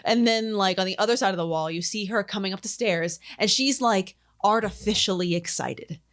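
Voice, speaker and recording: A woman co-hosting a podcast, telling stories in a rambling, profane and animated way. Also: mid-range voice, a little fast. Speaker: podcast co-host. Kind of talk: casual chat.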